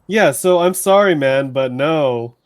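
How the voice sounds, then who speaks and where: A man's voice: on the high side, takes it slowly, smooth. A man playing a tabletop game, blunt and sarcastic in casual talk. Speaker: player.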